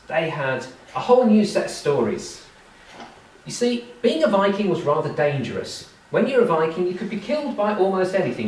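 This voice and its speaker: Lively British storyteller, man, expressive rising and falling voice, recorded from afar in an echoey hall with faint ambience. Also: on the high side, slight background noise. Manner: animated, acts out the voices. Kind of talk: live storytelling performance. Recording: echoey live room from far off.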